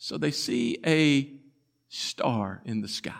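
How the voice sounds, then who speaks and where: A man preaching a sermon, telling the story dramatically and swinging from loud to hushed. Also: medium pitch, lively intonation, slow pace, creaky. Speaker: pastor.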